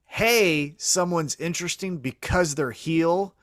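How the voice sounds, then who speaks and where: A man co-hosting a casual wrestling talk show, lively and acting out quotes while pitching storylines. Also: takes it slowly, no echo, clean studio sound. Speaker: podcast co-host. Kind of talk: casual chat.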